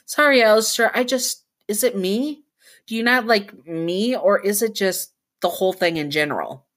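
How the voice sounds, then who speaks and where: A woman voicing a nervous teenage girl with a crush in a role-play story, speaking shyly and haltingly. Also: medium pitch, a bit bright, voice pushed up, close to an everyday voice. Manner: shy, halting.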